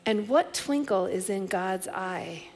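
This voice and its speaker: A middle-aged woman preaching a sermon as a pastor, telling stories in a reflective way with soft restarts. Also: mid-range voice, animated, slow pace, soft background music.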